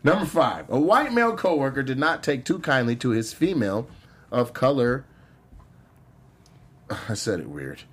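A man co-hosting a casual podcast chat, joking and animated. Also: mid-range voice, moderate pace, pauses often, slightly rough. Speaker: podcast co-host.

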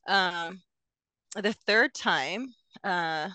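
A woman's voice: fairly low pitch, drawn-out words, sharp tone, no room sound. A young woman, a podcast guest, telling a personal story in a hesitant way with many fillers and restarts. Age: young adult.

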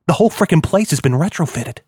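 A worried clone speaks in halting, uneasy phrases, as a man reads him. The sound is dry and close. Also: on the high side, lively intonation, a little mellow, husky, dry recording.

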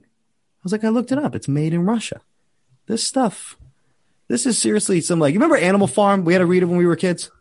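A man hosting a podcast, telling a profane, animated story in casual chat. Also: high voice, normal speed, pauses often. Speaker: podcast host.

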